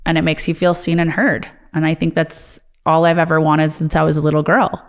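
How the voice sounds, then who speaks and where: A woman's voice: low-pitched, monotone, fairly quick. A woman who owns a martial arts studio talks to the camera about motherhood in a candid, earnest, reflective way. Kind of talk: personal talk to camera.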